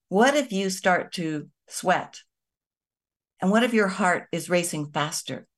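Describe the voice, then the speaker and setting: A woman hosting a show, talking to her viewers in a gentle, conversational way. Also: on the low side, lively intonation, takes it slowly. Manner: gentle, conversational, with soft emphatic asides. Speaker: host of a kindness and energy show. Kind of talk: reflective spoken talk to viewers.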